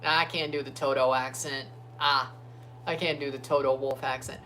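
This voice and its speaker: Excitable man cheering through a sports watchalong. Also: medium pitch, moderate pace. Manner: excitable, chants and cheers at players. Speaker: livestream host. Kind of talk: casual watchalong commentary. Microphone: phone streaming app.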